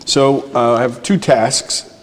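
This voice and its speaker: A man's voice: mid-range voice, steady tone, takes it slowly. A man, a deputy mayor, reading a proclamation at a ceremony with wry joking asides. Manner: wry, joking asides between formal lines. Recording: roomy hall with long reverb.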